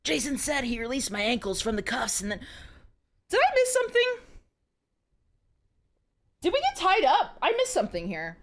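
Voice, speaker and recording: A woman's voice: high voice, wildly swooping pitch, normal speed, pauses often. A young woman streaming live, reading a romance novel aloud to her chat with giggly, chatty asides.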